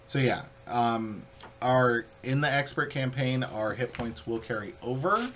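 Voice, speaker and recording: A man's voice: medium pitch, lively intonation, a little slow, fairly bright tone. A man co-hosting a board game playthrough, reading the rules aloud in a casual, joking way. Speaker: co-host and rules reader.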